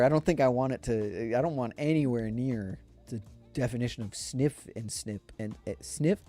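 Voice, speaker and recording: Male streamer, mellow and easygoing, rambling chat, faint music behind. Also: mid-range voice, normal speed. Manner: rambling, laid-back, chuckles often, speaks straight to viewers. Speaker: livestreamer. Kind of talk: casual live-stream chat.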